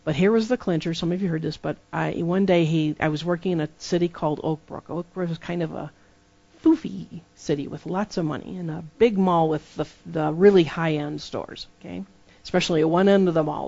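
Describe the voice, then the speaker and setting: A preacher giving a sermon full of personal testimony, telling the stories lively and acting out the dialogue. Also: mid-range voice, normal speed, creaky, highs cut off. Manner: lively storytelling that acts out dialogue.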